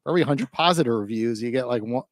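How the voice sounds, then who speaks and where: A man's voice: medium pitch, rapid-fire, no room sound. Male podcast host, speedy and casual, rambling filler-laden questions, dry close sound. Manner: rambling, filler-heavy, full of "like" and "you know". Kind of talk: casual interview chat.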